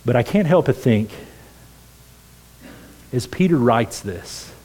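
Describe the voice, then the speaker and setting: Earnest pastor with a mellow voice. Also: male voice, mid-range voice, animated, takes it slowly, low-quality recording. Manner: earnest, drops to a hush for quoted words. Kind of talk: sermon. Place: church sanctuary.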